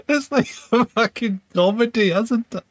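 A man's voice: very high voice, normal speed, no echo, clean studio sound. A man co-hosting a live-streamed chat show, sweary and teasing, who laughs often. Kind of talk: casual chat. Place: home.

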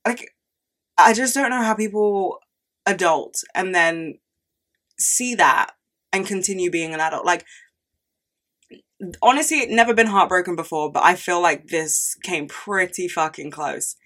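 Lower-voiced young woman ranting. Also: measured pace, pauses often, a bit bright. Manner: chatty, swears a lot, rants with dramatic outbursts. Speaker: podcast host. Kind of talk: casual solo podcast chat.

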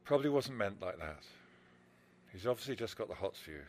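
In a radio drama, an actor with a lowish, expressive, slightly mellow voice speaks briskly as an easygoing man, the woman's partner. The character is breezy and jokey, slipping into a mock Italian accent.

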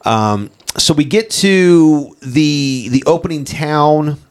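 A man's voice: a little high, slow, clean tone. Rambling, swearing man chatting about films. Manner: rambling, heavy on "like" fillers and swearing; laughs often while retelling scenes. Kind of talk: casual film chat.

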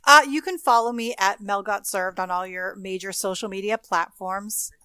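A woman's voice: medium pitch, moderate pace, pushed and bright, clean tone, no echo. A woman appearing as a podcast guest, talking casually and hedging her opinions. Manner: hesitant, hedging.

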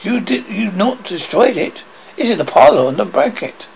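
A man's voice: high voice, sing-song, moderate pace, vocal fry, dull audio, slight background noise, pitched above the performer's own voice, exaggerated voice. A man voicing a grieving old wife, pleading feverishly and frantically. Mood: frantic.

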